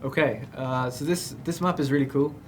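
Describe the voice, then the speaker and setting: A man's voice: medium pitch, normal speed, a little hiss or hum. An Irish man co-hosting a game livestream as a developer, joking and talking through the gameplay in casual banter. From Ireland. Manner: joking, easygoing, narrates gameplay.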